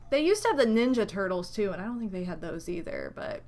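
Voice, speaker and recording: A woman's voice: medium pitch, sing-song, fast talker, darkish tone. A woman in her thirties, chatting casually and rambling on a live game stream, greeting viewers, while talking around a retainer. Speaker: streamer playing a video game. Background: faint game music.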